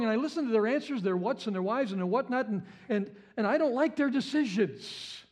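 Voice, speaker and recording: A man with a high, light voice delivers a sermon as a pastor. He builds with repetition, leans on phrases again and again, and breaks into sudden sharp exclamations. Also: lively intonation, fairly quick, hardly any pauses. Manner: impassioned, repeats phrases, jumps to high exclamations.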